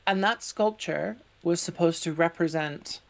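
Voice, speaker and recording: A podcast co-host from the UK chats about a movie in a measured, slightly hesitant manner. The voice sits at a middle pitch with a gravelly edge. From United Kingdom. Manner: measured, thoughtful, hesitant with fillers. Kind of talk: casual movie review chat.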